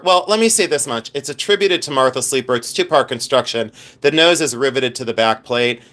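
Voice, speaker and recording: A man hosting a live stream, chatting casually and campily about his jewelry collection and answering viewers' comments. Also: medium pitch. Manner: chatty, campy, animated, talks to viewers' comments. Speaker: podcast host and jewelry collector.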